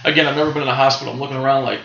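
A man's voice: medium pitch, steady tone, rapid-fire, gravelly, bright, forceful tone, roomy sound, muffled recording, slight background noise. A man who wrestles for a living tells a story casually and animatedly, often checking in with his listeners. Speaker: guest, professional wrestler.

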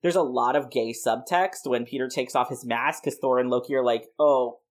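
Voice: medium pitch, fairly quick. A podcast host in a casual chat, playfully rambling through a made-up comic plot with lots of "like" fillers. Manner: playful, rambling, frequent laughs and many "like" fillers.

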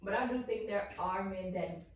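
A woman guest on a casual talk show, making her points in a measured, reasoned way. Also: medium pitch. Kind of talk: casual chat. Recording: very echoey room, distant mic, faint noise.

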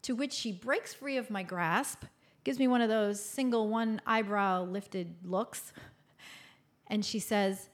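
A woman in her fifties tells a personal story as a podcast host. Her delivery is expressive and mid-pitched, rising bright and loud in tense moments, then dropping to a soft, hushed tone. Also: takes it slowly.

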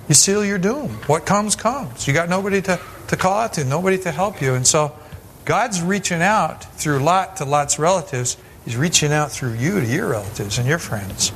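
A pastor with a fairly high, somewhat bright voice preaches in a conversational style over slight background noise. He acts out quoted voices along the way and often restarts his sentences.

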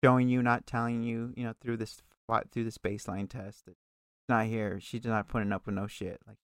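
A man co-hosting a casual chat, recapping an episode in a loose, profane way with quick asides. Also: lowish voice, little pitch movement, smooth, dry recording, clean studio sound. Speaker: podcast co-host recapping a TV episode.

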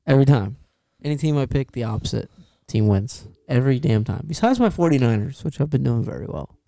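A man's voice: mid-range voice, big pitch swings, a little fast, gravelly, warm tone, no room sound. A young man hosting a casual sports podcast, bantering with heavy sarcasm. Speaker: podcast host.

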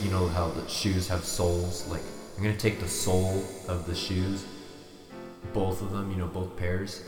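A deadpan man hosts a podcast, rambling through absurd, self-mocking jokes in a very low voice. The room is echoey, with a long reverb tail, and faint music runs underneath. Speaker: podcast host. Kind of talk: rambling comedic monologue.

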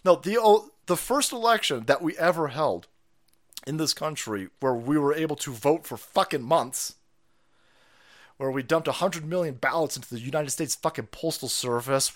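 Male stream host, profane and mocking, lively and up-pitched delivery, prone to loud rants. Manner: foul-mouthed, sarcastic, laughing, swings into loud mocking outbursts. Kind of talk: profane political commentary stream.

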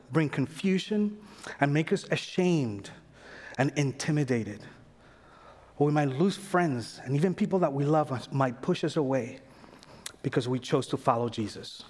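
A man preaching a sermon in a casual, animated way, acting out the voices of figures in the story. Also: a little high, unhurried. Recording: long hall reverb.

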